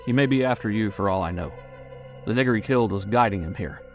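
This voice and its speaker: A man's voice: lowish voice, quick pace, faint music behind, natural voice. A man playing a curt, resentful backwoodsman. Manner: curt, angry.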